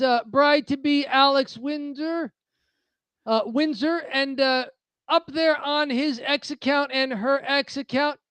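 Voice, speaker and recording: A man's voice: very high voice, sharp tone, no room sound. An American man co-hosting a podcast who drifts through a casual chat with plenty of fillers. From United States. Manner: rambling, filler-heavy segment reading. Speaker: podcast co-host.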